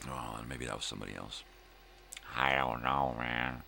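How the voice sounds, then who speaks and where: Very deep gravelly older man, laid-back. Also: steady tone, moderate pace, sharp tone, a little hiss or hum. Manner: rambling, laid-back, laughs often. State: hungover. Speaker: livestream host. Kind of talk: casual chat to viewers.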